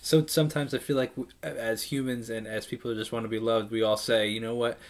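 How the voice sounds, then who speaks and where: A man's voice: medium pitch, a little fast. Man breaking down a song, studio mic. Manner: explanatory, analytical, many restarts. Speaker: musician reacting to a song. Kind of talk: casual music commentary. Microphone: studio microphone with pop filter. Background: faint song playing.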